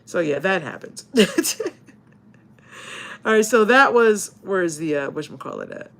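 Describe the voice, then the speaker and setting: A woman's voice: on the low side, animated, moderate pace, a bit bright. A woman chatting casually on a livestream, reading viewer comments, laughing often and swearing playfully in slang. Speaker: YouTuber and paranormal investigator.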